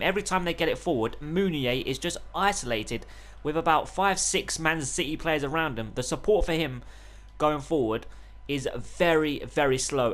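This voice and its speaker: A young man giving live play-by-play commentary on a football video game, swinging between calm narration and loud, excited outbursts. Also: a little high. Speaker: gaming YouTuber.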